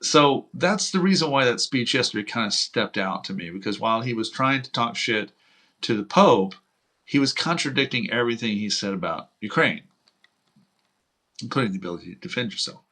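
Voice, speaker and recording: A man's voice: mid-range voice, lively intonation, brisk, pushed and bright. A man from Houston hosting political commentary, talking in a blunt, profane, heated rant. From United States (Houston). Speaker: host.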